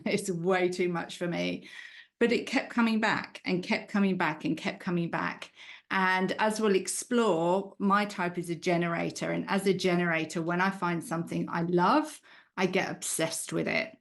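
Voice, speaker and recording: Woman with a British-Australian accent. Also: lowish voice. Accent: hybrid British-Australian. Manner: chatty, storytelling. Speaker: guest, human design coach. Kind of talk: conversational interview answers.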